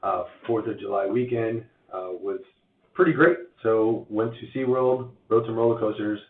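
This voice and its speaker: A man with a hoarse voice from losing it, giving a chatty live-stream update on mortgage rates, full of uhs and restarts. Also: fairly low pitch, fairly even intonation, moderate pace. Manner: chatty, filler-heavy, many uhs and restarts. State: hoarse, lost voice. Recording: tinny phone-like sound in an echoey room.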